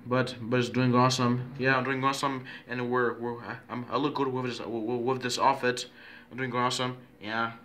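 A man rambles through a playful home video, restarting his sentences and trying on silly introductions. His voice is bright and forward at a middling pitch, over a faint hiss of background noise. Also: level tone. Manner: halting, repeats words, silly pretend introductions.

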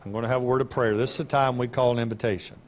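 A middle-aged man preaching in a church sanctuary, his ordinary mid-range voice breaking into sudden loud, high-pitched bursts when he makes a point. His delivery is animated and conversational. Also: very fast. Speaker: pastor. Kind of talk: sermon.

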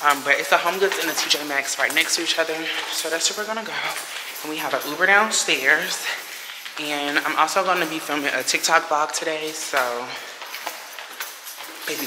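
Blunt, cussing young woman vlogger. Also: deep voice. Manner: chatty, blunt and heavily profane. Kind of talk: casual vlog chat. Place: apartment, then out shopping. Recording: echoey with background noise.

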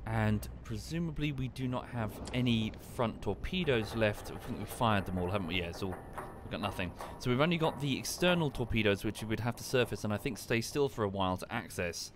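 A man casually commenting on a live game stream and explaining history at length in a relaxed, wry way. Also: fairly low pitch, fairly quick, hardly any pauses, background noise.

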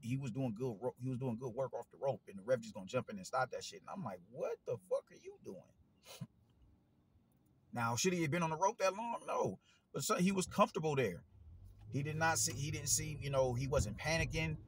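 A man, giving a casual opinion monologue as a boxing commentator, animated and slangy, swearing and repeating himself. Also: medium pitch, fast talker, a little hiss or hum, poor audio.

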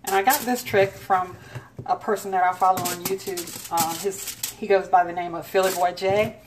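Talking at a normal pace with a low voice and fairly even intonation, a home cook explains a recipe step by step in a chatty, casual way. She's doing this with a mouth still numb from the dentist, and her kitchen's clatter and noise come through.

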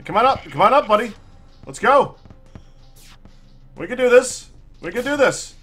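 A man's voice: very high voice, big pitch swings, normal speed, a bit bright, husky, faint music behind. A man giving live commentary on his own gameplay, talking frantically, stammering and turning sarcastic when things go wrong. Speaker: gaming channel host.

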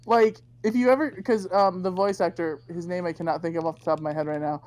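A woman's voice: lowish voice, steady tone, fast talker, darkish tone. A woman co-hosting a podcast in casual chat, joking and swearing freely. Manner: profane, joking, puts on silly voices. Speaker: podcast co-host.

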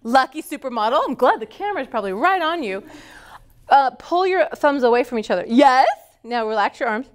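Upbeat high-voiced woman leading yoga. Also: expressive, brisk. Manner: upbeat, playful, cue-giving. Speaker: yoga teacher trainer. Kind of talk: live yoga teacher training class.

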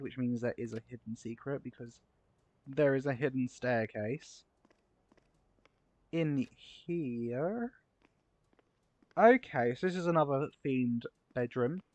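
A man giving casual, excitable gameplay commentary, gushing over builds with gasps and exclamations. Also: medium pitch, no echo. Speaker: game video creator touring player builds. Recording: slightly dull, lo-fi recording.

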